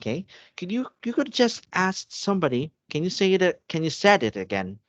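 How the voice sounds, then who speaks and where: A man's voice: sits high, very animated, a little fast, no room sound, muffled recording. A man tutoring English in an online one-on-one lesson, patiently checking that his student understands.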